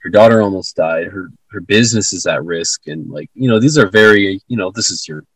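A man's voice: sits low, a little fast, husky, no echo, low-quality recording. A man co-hosting a podcast, earnestly retelling a conversation with many fillers and restarts. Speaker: podcast co-host. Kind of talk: casual conversation.

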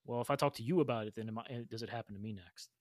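A man's voice: lowish voice, very fast, dry recording, studio quality. A man hosting a podcast interview, reflective and repeating words as he thinks aloud. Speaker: podcast host. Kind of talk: casual interview talk.

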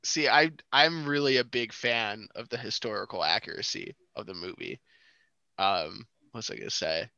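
Bright-voiced man, dry lo-fi sound. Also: fairly low pitch, normal speed, vocal fry, smooth, no echo. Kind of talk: casual chat reviewing a movie.

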